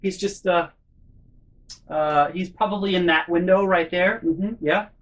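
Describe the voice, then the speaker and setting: A woman's voice: lowish voice, unhurried, far from the mic, highs cut off, voice pushed up, natural voice. A man voicing his nosy middle-aged mother, who murmurs to herself as she works out where the neighbor is. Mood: nosy musing.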